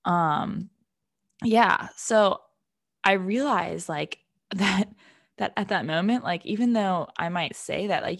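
A woman's voice: on the low side, slow pace, vocal fry, a bit bright, dry recording, studio quality. A young woman talking casually about faith and dating, chatty and full of fillers. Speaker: speaker sharing a faith testimony.

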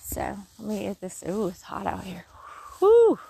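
A Southern woman with a Mississippi drawl chats about her faith in short, restarting bursts. She is outdoors in the countryside and sometimes reads scripture aloud. Her voice sits at an ordinary middle pitch, with faint outdoor noise behind it. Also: little pitch movement, normal speed, gravelly, darkish tone. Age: adult, has kids. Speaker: vlogger. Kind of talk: casual faith vlog with Bible reading.

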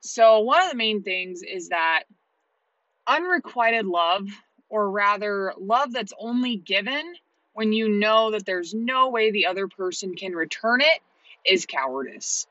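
Blunt, swearing woman with a bright voice. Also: medium pitch, a little slow, no echo, lo-fi sound. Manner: blunt, heavily profane, animated storytelling. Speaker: vlogger, single mother. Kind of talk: casual monologue to camera.

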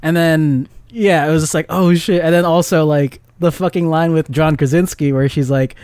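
Young man, podcast co-host, slightly high voice, excitable, laughing, slangy, dry close sound. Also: normal speed, clean tone, dry recording. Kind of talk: casual chat.

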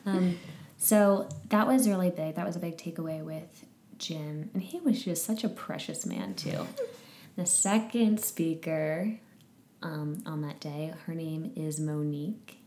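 A woman chatting casually and telling a story with lively energy, laughing often. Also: sits low, measured pace, echoey room, a little hiss or hum. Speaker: podcast guest sharing a conference experience. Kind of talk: casual chat.

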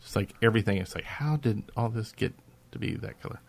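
A man's voice: on the low side, fast talker. A man from Alabama, co-hosting a podcast in casual chat, rambling with many fillers and frequent laughs. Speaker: podcast co-host.

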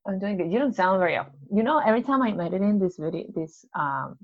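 A woman co-hosting a casual podcast, bubbly and quick to laugh. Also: mid-range voice, lively intonation. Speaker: podcast co-host. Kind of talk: casual chat. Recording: lo-fi, dull sound.

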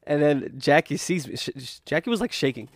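A man with a slightly high, gravelly voice tells a story on a podcast, acting out everyone's lines with lots of swearing. The sound is dry and close, as if into a studio mic. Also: a little fast, no echo. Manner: animated storytelling, acts out quotes, swears freely. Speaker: podcast host. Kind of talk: casual podcast chat.

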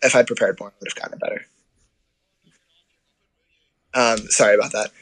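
A man's voice: on the low side, steady tone, brisk, slightly rough, low-quality recording. Chatty man talking casually. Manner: chatty, filler-heavy, self-correcting. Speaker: guest describing life abroad. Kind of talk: casual conversation.

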